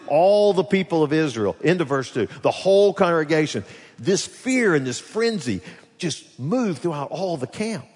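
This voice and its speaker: A man preaching a sermon as pastor, animated, swinging between loud rises and quiet drops as he voices the people's complaints. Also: a little high, slightly rough. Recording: long hall reverb.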